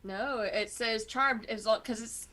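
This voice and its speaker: A woman at a tabletop game, chatty and giggly, her voice sitting fairly high. She explains her moves in a relaxed, conversational way. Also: a little slow, over a noisy crowd. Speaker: player.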